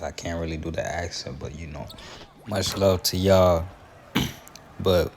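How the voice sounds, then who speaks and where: Deep-voiced young man with slangy banter. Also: fairly even intonation, unhurried, a little hiss or hum. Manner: slangy, rambling and joking. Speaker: gaming channel host. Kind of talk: casual commentary over gameplay.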